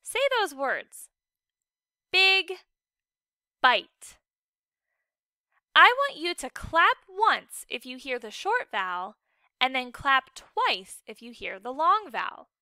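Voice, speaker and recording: A woman teacher gives a recorded phonics lesson for children, patient and encouraging. She draws out each word slowly with exaggerated enunciation. Her voice is high-pitched, sing-song, pushed and bright, in a dry, studio-quality recording.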